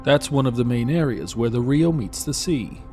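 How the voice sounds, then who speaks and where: A man's voice: mid-range voice, animated, moderate pace, a little mellow, faint music behind, natural voice. A man doing a laid-back Jamaican working man. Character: Jamaican working man, brawny, easygoing driver.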